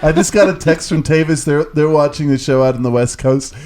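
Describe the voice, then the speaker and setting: A man cohosting a casual talk show, chiming in with jokes and loud impressions of friends. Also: on the high side, fairly quick. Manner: jokey, chimes in, shouts in impressions. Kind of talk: casual banter.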